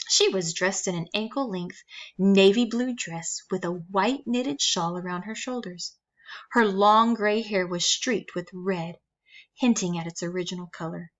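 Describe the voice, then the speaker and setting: A woman reads a children's novel aloud in a steady storytelling voice, leaning on words here and there for emphasis. Her pitch sits in an ordinary middle range. The recording is dull and lo-fi. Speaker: reader.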